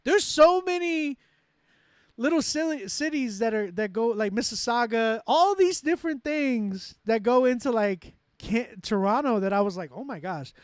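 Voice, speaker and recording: A man from Texas with a Texan accent, hosting a casual chat and telling animated, self-mocking stories. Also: high voice, no room sound, clean studio sound. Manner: animated storytelling, loud excited outbursts, self-mocking laughs. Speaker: host. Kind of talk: casual chat with live chat readers.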